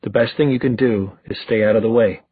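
A low, husky-voiced man doing a weary middle-aged man, firm and measured in every word. The line sounds tinny and phone-like, completely dry. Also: steady tone, dry recording. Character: steady, tired middle-aged man, Luke.

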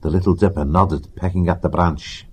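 With a low pitch and a breathy edge, a man's voice carries an audiobook narration in an even, measured storytelling style.

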